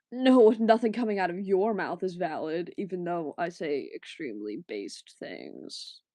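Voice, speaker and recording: A woman's voice: on the low side, animated, takes it slowly, warm tone, no room sound. A woman livestreaming, chatting casually and rambling as she answers her chat, often laughing.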